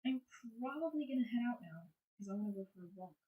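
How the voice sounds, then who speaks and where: A woman's voice: on the high side, lively intonation, quick pace, distant mic, phone-quality sound. A woman in her twenties chatting casually with her live stream chat, rambling from topic to topic. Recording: roomy sound, away from mic.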